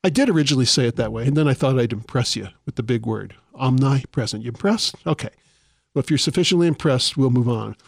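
A man's voice: medium pitch, expressive, fast talker, creaky, no echo, studio quality. A man in his sixties hosting a radio show, teaching in a chatty way with self-deprecating asides. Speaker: radio host.

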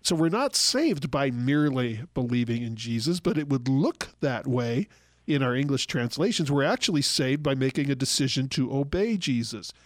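A man explaining Bible passages in a relaxed radio talk, acting out the quoted dialogue as he goes. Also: medium pitch, moderate pace, no room sound, studio quality. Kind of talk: conversational Bible teaching.

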